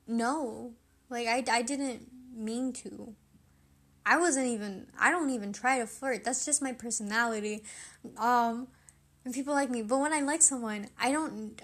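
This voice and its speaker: A woman's voice: high-pitched, a bit bright. A young woman hosting her own podcast, chatting casually through a personal story with lots of fillers, giggles and self-deprecating asides. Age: young adult. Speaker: podcast host.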